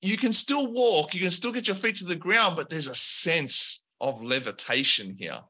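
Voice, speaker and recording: A man narrating a tabletop game as game master, describing scenes in a relaxed way with filler words. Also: on the high side, moderate pace, breathy edge.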